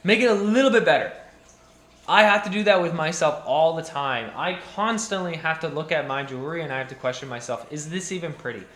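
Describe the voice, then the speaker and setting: A young man delivers a passionate rant straight to camera, circling back to repeat his points and restarting sentences as he goes. His voice is bright and forceful and sits a little high for a man. The room around him rings with a noticeable echo. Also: animated, a little fast. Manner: passionate, ranting, repetitive restarts, emphatic repetition. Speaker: jeweller. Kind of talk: impassioned monologue to camera.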